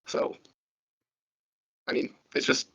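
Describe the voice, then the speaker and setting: A man calling in to a podcast, talking in an excited, rambling way with many fillers, heard over a muffled phone line. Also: slow pace. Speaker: caller. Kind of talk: casual chat. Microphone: phone call.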